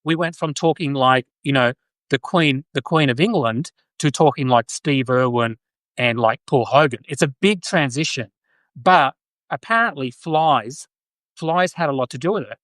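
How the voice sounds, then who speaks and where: An Australian man with a medium-pitched, slightly bright voice hosts a podcast at a moderate pace, offering political commentary on a livestream mic with a dry recording. His talk is casual and rambling, circling back, correcting himself, and restarting often.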